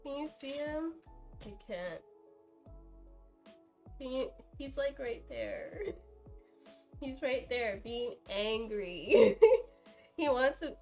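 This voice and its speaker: A woman's voice: high-pitched, expressive, extremely slow, pauses often, a little mellow, soft background music. Giggly young woman streaming from her kitchen. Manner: chatty, giggly, lots of fillers. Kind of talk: casual live-stream chat while cooking. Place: home kitchen. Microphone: camera on a tripod.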